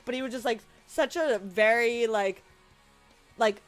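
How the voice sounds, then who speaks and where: High-voiced, rambling young woman. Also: a little slow, soft background music. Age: late 20s. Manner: emotional, rambling, laughing through tears. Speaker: streamer. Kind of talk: casual storytelling to viewers.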